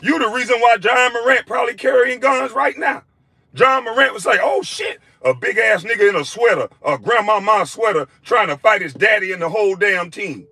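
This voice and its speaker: Ex-player in a clip: furious profane man, bright raspy voice. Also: high voice, brisk, dry recording. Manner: insulting, mocking, profane. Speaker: former basketball player.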